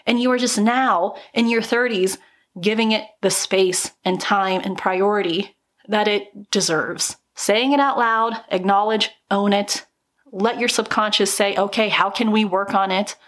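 A woman's voice: mid-range voice, fairly even intonation, unhurried, fairly bright tone. A woman in her thirties hosting a solo podcast, talking upbeat and encouraging with little laughs between thoughts. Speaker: podcast host. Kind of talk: motivational solo podcast talk.

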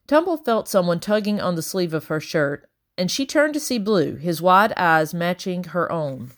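A woman reading a children's novel aloud in a measured, expressive way. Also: on the low side. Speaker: audiobook reader.

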